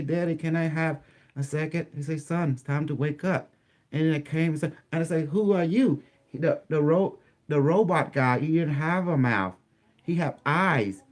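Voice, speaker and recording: Halting man telling his story, English. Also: a little high, darkish tone. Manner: halting, repetitive storytelling with many restarts. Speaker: interview guest. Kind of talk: recounting a personal experience in an interview.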